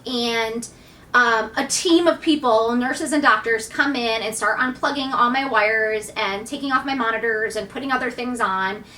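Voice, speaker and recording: A woman in her thirties telling a personal story to camera in a candid, animated way, acting out what people said. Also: a little high, far from the mic. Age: 30s. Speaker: vlogger.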